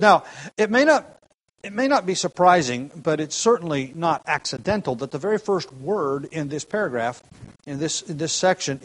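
A pastor preaching an expository sermon, explaining the text slowly and repeating key phrases for emphasis. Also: male voice, fairly high pitch, poor audio.

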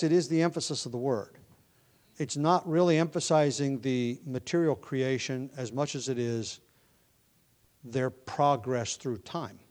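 Guy preaching a verse by verse sermon, kinda high voice, slow and deliberate, some ums. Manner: measured, deliberate, slows to stress key words; occasional ums and self-corrections. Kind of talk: expository Bible teaching.

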